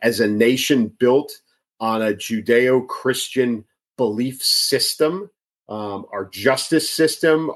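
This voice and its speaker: A man from outside Chicago with a Chicago accent, talking politics in a casual chat, emphatic and often repeating his words. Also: mid-range voice. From outside Chicago, USA.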